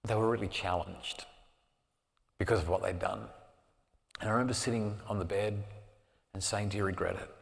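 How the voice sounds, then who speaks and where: A man's voice: lowish voice, fairly even intonation, moderate pace, vocal fry, pauses often. Man telling a story in a hall. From Australia. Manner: earnest, drops to a soft hush at emotional moments. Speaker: parenting speaker. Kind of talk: live storytelling talk. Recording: long reverb of a hall.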